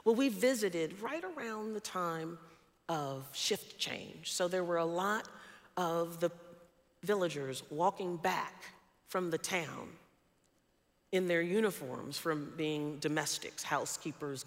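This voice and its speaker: A woman's voice: lowish voice, slow, in a large hall. A woman preacher telling a personal story in a sermon, earnest and emphatic.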